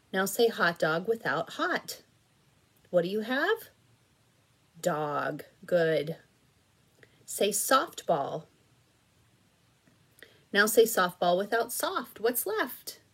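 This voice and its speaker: A woman teaching reading to children, patient and encouraging, slowly and clearly spelling out syllables. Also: medium pitch. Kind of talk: slow, clearly enunciated instruction for children.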